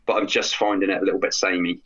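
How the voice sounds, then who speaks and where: Male co-host, husky and bright, rambling chatter, dull lo-fi recording. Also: low voice, flat delivery, quick pace. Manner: rambling, many restarts and fillers. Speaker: podcast co-host. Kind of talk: casual chat. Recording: dull lo-fi sound.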